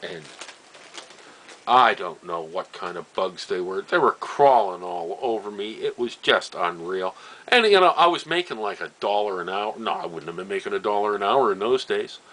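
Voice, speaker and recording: An older man from Nova Scotia recounts family stories in a casual, animated way, his lowish voice a bit bright and his pace moderate. Laughter and chuckling asides come often, and he trails off and repeats phrases. The recording sounds rough.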